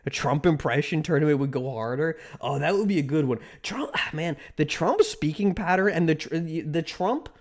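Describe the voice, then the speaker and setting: A streamer talking loosely to chat at a desk mic, with a medium-pitched voice that swings up and down a lot. The talk meanders, stalls on repeated words and restarts mid-sentence. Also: expressive, moderate pace, hardly any pauses. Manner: rambling, many restarts and repeated "like". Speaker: livestreamer. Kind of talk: casual livestream chat, answering viewers.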